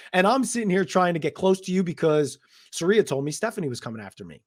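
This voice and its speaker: A man's voice: high voice, fast, dry recording, clean studio sound. A young man from New Jersey, a guest in an interview, telling a long story in a rambling way with lots of quoted asides. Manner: rambling, animated retelling with many "I was like" quotes.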